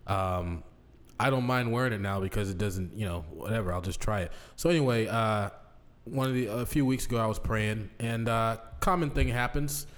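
A man's voice: fairly low pitch, moderate pace. A man in his late thirties co-hosting a podcast, chatting in a casual, joking way. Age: late 30s. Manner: animated, jokey, breaks into laughter and mock accents. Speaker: podcast co-host. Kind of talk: casual comedic chat.

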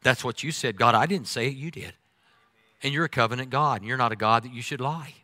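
A man preaching a humorous sermon as pastor, animated, swinging between loud exclamations and quiet asides. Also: medium pitch, a little fast, no echo.

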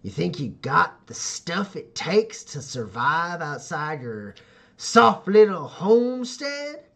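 A man's voice: fairly high pitch, big pitch swings, takes it slowly, vocal fry, fairly bright tone, exaggerated voice. A man voicing a tough, scarred middle-aged nomad woman who talks brash and teasing. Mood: menacing.

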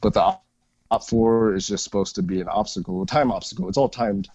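A man's voice: on the low side, lively intonation, fairly quick, a little mellow, dry recording, muffled recording. A man chatting casually about airsoft games, swearing freely and laughing often. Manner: profane storyteller, laughs often. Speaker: airsoft player and podcast regular. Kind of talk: casual chat.

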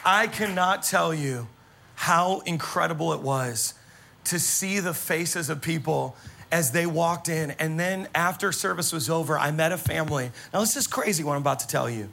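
A man preaching as a pastor, telling stories to his congregation in an animated, exclamatory way. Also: fairly high pitch, moderate pace, creaky, a faint crowd. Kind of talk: sermon with storytelling. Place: church service.

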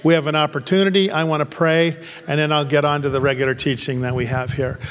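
Pastor, male, slightly higher voice, preaching with humor and fervor; long church-hall reverb. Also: flat delivery, fast, fairly bright tone. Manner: humorous storytelling turning to fervent, angry exhortation. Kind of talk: sermon.

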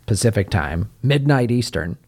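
A man co-hosts a casual movie podcast with a lively, sing-song delivery. He is chatty and full of jokes, and he keeps the conversation rolling. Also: on the low side, moderate pace. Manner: joking, chatty. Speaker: podcast co-host.

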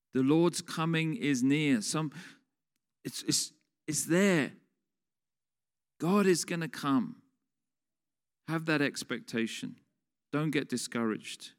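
A man preaching a sermon in a conversational way, putting questions to the congregation. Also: mid-range voice. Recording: long reverb of a large hall.

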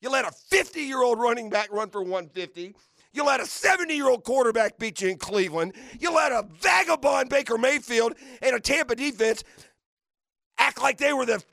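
A man hosting sports radio, delivering a fiery, mocking rant with shouted bursts. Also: extremely high pitch, creaky, no room sound, clean studio sound. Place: radio studio.

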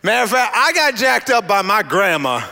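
A young man telling a stand-up story, animated and acting out the voices of the people in it. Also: normal speed, creaky, in a large hall. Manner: animated, acts out voices, big pitch swings. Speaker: comedian.

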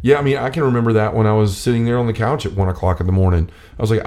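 A man's voice: on the low side, very fast, darkish tone. A man leading a casual faith discussion, earnest and personal, who often restarts his sentences and acts out the lines he quotes.

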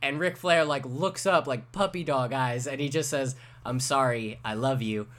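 A man in a casual podcast chat, telling a story with animated energy and swearing freely. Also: mid-range voice, normal speed.

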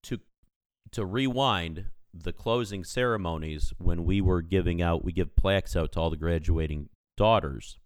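A podcast co-host in his thirties tells a story in casual conversation, animatedly acting out the people involved. His voice is low, his pace moderate, and there is no room sound.

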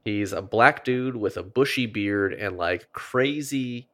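A low-pitched man co-hosts a podcast in a casual, loose way. He recaps the plot, wanders off on tangents, and swears freely. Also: slow pace, sharp tone. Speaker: podcast co-host. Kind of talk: casual chat.

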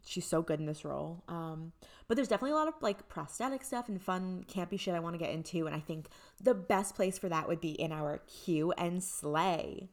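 A young woman co-hosting a casual podcast, her voice sitting on the lower side. She talks with easy enthusiasm and swears freely. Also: animated, fairly quick. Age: young adult. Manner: enthusiastic, profane. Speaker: podcast co-host. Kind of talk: casual chat.

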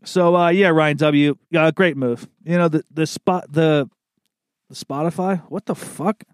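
A man's voice: a little high, measured pace, clean tone, dry recording, clean studio sound. Casual, laid-back man hosting a podcast. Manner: loose, swearing, laughs often. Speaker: podcast host.

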